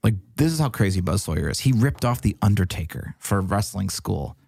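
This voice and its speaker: A man's voice: lowish voice, expressive, brisk, gravelly, a little mellow, breathy edge, no room sound, clean studio sound. A man chatting casually as a comedian guest on a podcast, rambling and swearing freely. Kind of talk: casual chat.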